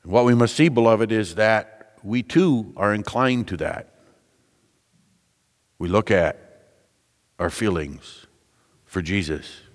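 A male pastor preaching a sermon, deliberate and emphatic, with repeated phrases and rhetorical questions. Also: lowish voice, expressive, big-room sound.

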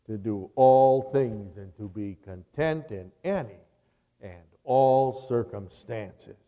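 A man, a pastor, delivering a sermon in a slow, emphatic way with dramatic rises in his voice. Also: medium pitch, a little mellow, big-room sound.

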